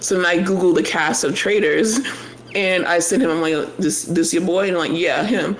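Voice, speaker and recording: A man's voice: sits high, normal speed, slight background noise. A man co-hosting a casual podcast, telling stories with lots of acted-out quotes and slang. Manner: animated storytelling, acts out quoted voices. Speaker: podcast co-host. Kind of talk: casual chat.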